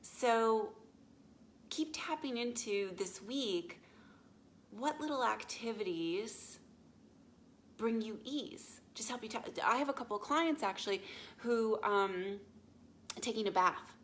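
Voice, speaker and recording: A woman life coach speaking casually to viewers, often checking in with a quick "yeah?" or "okay?" and retelling stories with animated asides. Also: fairly high pitch, slight background noise. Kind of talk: casual live talk to viewers.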